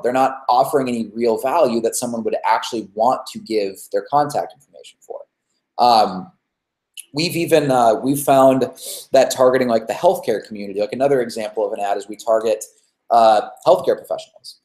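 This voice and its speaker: A man's voice: medium pitch, darkish tone. A man giving a casual webinar talk on real estate marketing, full of fillers and "right?" tags. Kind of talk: webinar presentation. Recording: roomy echo.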